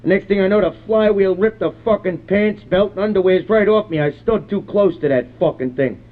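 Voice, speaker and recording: Prank call: a man playing a belligerent, swearing rural man in his fifties, high pitched, phone-quality audio. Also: normal speed, natural voice. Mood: gruff, ranting. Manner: rambling, cursing constantly, belligerent. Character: crude foul-mouthed middle-aged rural man, hot-tempered. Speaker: prank caller.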